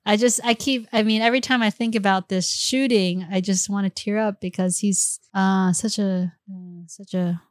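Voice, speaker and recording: A woman's voice: mid-range voice, fairly even intonation, moderate pace, few pauses, no echo, clean studio sound. A woman from the United States, an action film actress, chatting casually as a podcast guest, laughing often and filling her talk with "like" and "you know".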